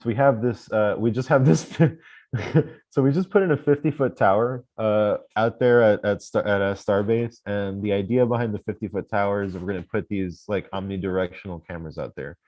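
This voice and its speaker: A man's voice: on the low side, steady tone, fairly quick, darkish tone, dull audio. A man being interviewed over a live stream, chatty and rambling, with lots of restarts and joking asides. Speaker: space-tourism lodging owner.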